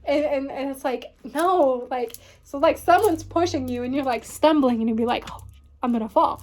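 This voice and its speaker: A woman's voice: high-pitched, normal speed, darkish tone. A woman giving a casual tarot reading, rambling and filling her talk with "like" and "you know what I mean". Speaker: tarot reader.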